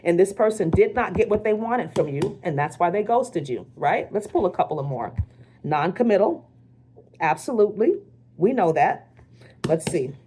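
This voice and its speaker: A woman's voice: on the low side, expressive, moderate pace, warm tone, slight background noise. A woman spiritual teacher giving a casual card reading, talking bluntly and often swearing, checking in with the listener with "okay?" and "right?". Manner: blunt and profane, with frequent check-ins to the listener.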